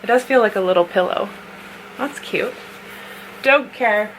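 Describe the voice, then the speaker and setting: A woman's voice: medium pitch, measured pace, fairly bright tone. A young woman from North America chatting casually as she unboxes a gift box, often laughing and squealing at cute things. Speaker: vlogger. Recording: noisy home recording.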